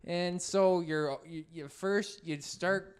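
A man's voice: high-pitched, fairly even intonation, slow pace, smooth. A man co-hosting a comedy podcast, rambling through a story full of fillers. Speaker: podcast co-host.

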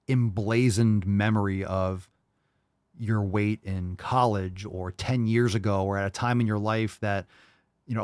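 A man's voice: fairly low pitch, a little mellow, no echo, studio quality. A man hosting a podcast who answers a caller's question in blunt, rambling, direct coaching talk. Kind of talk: casual advice talk.

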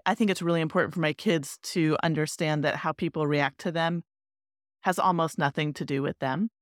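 Reflective lower-voiced woman host. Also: steady tone, brisk, no echo, clean studio sound. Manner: reflective, personal. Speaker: podcast host. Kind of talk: podcast interview.

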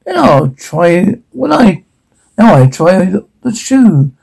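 A man putting on a shrill bossy ugly sister. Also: big pitch swings, takes it slowly, creaky, a little mellow, breathy edge, full character voice. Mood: demanding.

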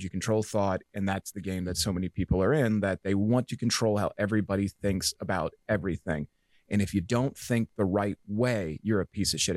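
A man's voice: fairly low pitch, dry recording, clean studio sound. Profane, emphatic man in casual podcast chat. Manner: profane, emphatic, rambling with fillers. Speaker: podcast guest.

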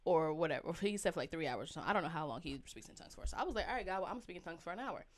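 Animated woman telling faith stories. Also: fairly low pitch, very fast. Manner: animated storyteller, acts out her own past reactions. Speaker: podcast co-host. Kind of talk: casual faith chat.

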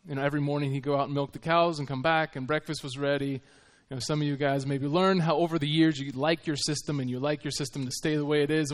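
A man, a missionary, giving an earnest, conversational sermon with halting restarts. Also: on the high side. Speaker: missionary preacher.

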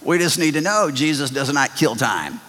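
Animated male pastor in an echoing hall. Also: on the high side, moderate pace. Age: middle-aged. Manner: animated, wide swings from loud exclamations to quiet asides. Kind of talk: sermon. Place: church sanctuary. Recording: long hall reverb.

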